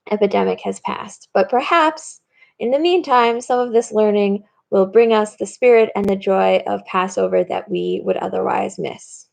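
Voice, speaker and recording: A woman's voice: mid-range voice, gravelly, a little mellow. A woman rabbi giving a recorded lesson, explaining steadily and reading verses aloud. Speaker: rabbi and teacher. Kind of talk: recorded teaching talk.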